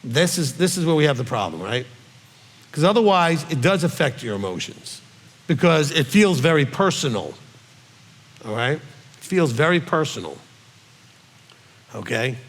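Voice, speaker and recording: A man's voice: on the high side, big pitch swings, normal speed, long pauses, in a large hall. A man, a rabbi, answering questions in a conversational teaching style, checking in with listeners and acting out quoted voices. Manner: conversational, frequent "okay?" check-ins.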